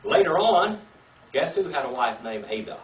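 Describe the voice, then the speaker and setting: A man's voice: on the high side, very animated, moderate pace. An older man leads a classroom lesson, patiently spelling out words and checking in with his students. He sounds distant in a roomy space. The recording is dull and lo-fi, with a faint hiss underneath. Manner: patient, coaxing, checks in with "okay?" and "all right?". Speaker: Hebrew teacher.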